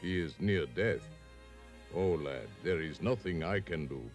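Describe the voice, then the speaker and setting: A grave, deep-voiced old king. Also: expressive. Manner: slow, measured, kindly. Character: solemn old wise king, gentle and grave. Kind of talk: 1960s animated film voice acting. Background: soft violin music.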